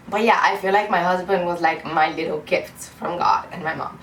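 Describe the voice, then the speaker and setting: A woman's voice: lowish voice, moderate pace, a bit bright, far from the mic. A young woman vlogger talking tearfully about her life, trying to hold back emotion, with many fillers. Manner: teary, fighting back emotion, rambling with fillers. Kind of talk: emotional personal vlog. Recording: echoey room, off-mic, faint hum.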